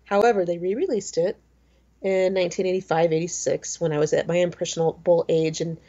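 A woman's voice: lowish voice, steady tone, a little fast, warm tone, muffled recording. A woman in her forties co-hosting a podcast, telling stories in a rambling, chatty way full of fillers. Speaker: podcast co-host. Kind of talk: casual chat.

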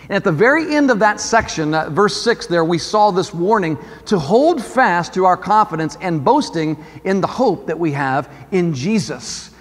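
A man's voice: high voice, expressive, normal speed, few pauses, in a large hall. A male pastor preaching a sermon in a conversational way, often asking the congregation questions. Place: church sanctuary.

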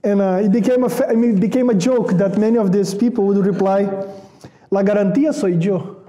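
A man's voice: sits high, fast. A man from Brazil, preaching a sermon emphatically and repeating words for stress. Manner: lively with rising questions. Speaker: pastor. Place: church.

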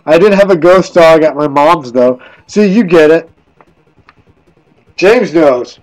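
Man, drunk, slightly high-pitched, rambling, casual ghost storytelling on a game stream. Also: moderate pace, a little mellow, poor audio. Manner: rambling, with many restarts and "like".

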